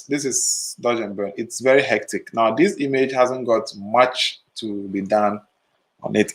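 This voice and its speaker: A man's voice: on the low side, low-quality recording. A man hosting a live photo retouching stream, chatting casually with viewers while sleepy and yawning. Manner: relaxed, sleepy, talks to chat viewers. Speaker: photo retouching livestream host. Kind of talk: casual livestream chat.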